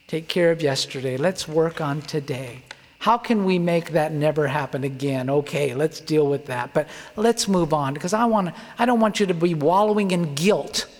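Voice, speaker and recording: A middle-aged man preaching earnestly, slowing down to lean on key words. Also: on the high side. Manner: earnest, emphatic, slows down to stress words. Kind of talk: sermon-style Bible teaching. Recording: long hall reverb.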